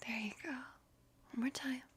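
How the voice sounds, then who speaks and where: A woman of about twenty in a whispered role-play, gently soothing and reassuring as a caring best friend, close to the microphone. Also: high voice, fairly even intonation, a little slow, a little hiss or hum.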